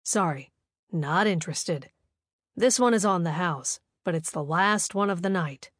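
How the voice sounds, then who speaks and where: A relaxed male bartender, as a woman narrator plays him, with a voice pushed down low and soft. He speaks in an easy, lightly teasing way. It is a storybook voice, close to the mic and dry. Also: a little slow, no echo. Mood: easygoing warmth.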